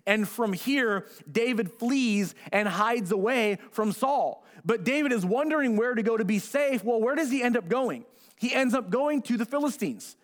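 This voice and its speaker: A man preaching a conversational sermon as pastor, retelling a story in casual words and briefly acting out the quoted voices. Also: high-pitched.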